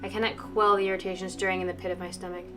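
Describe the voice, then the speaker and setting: A woman streamer reading a visual novel aloud, brisk narration with playful asides. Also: medium pitch, level tone. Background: faint game music.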